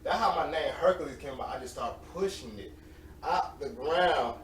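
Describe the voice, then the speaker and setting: Guy in his late 20s telling stories, lively pitch, slangy, echoey room, mic kinda far. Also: moderate pace. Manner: animated, laughs often, slangy. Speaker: interview guest, semi-pro football player. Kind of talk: casual storytelling. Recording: roomy, distant mic with faint noise.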